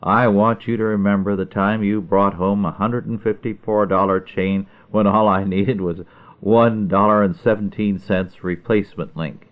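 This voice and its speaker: A man voicing a gruff, exasperated farmer father, heard over a narrow phone-like line. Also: on the low side, fairly even intonation, moderate pace, natural voice. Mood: defensive. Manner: gruff, grumbling. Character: exasperated farmer dad, middle-aged man.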